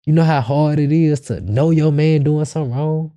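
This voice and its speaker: A young male podcast host dishes out blunt relationship advice in slangy, casual talk, acting out both sides of an argument. His fairly high, warm voice stays steady at a normal speed on a dry recording.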